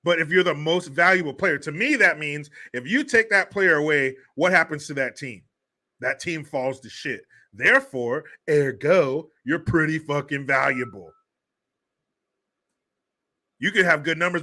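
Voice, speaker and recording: A man's voice: on the high side, sharp tone. A man hosting a livestream, ranting in profane, mocking commentary. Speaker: livestream host.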